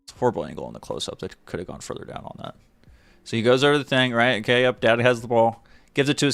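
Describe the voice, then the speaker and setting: A man hosting a live stream, giving an animated, mocking, profane running commentary on a video. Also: mid-range voice, fast, vocal fry, dry recording, faint music behind.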